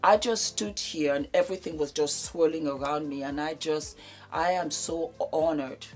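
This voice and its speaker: A woman's voice: sits low, normal speed, a little mellow, faint music behind. A woman in her fifties giving an emotional speech, effusive and repeating her thanks over and over. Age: 50s. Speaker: beauty vlogger giving a thank-you speech.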